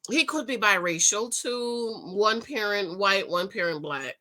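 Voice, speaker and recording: Woman, middle-aged, bright voice, very lively pitch, chatty, laughs a lot, casual recap talk. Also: a little slow. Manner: animated, chatty, laughs often, talks straight to viewers. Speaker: TV show recap vlogger. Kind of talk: casual reaction commentary.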